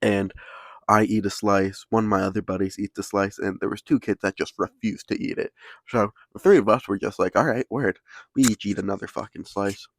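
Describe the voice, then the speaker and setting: A man's voice: lowish voice, fairly even intonation, brisk, no echo. A young man casually telling a story in laid-back slang, swearing constantly.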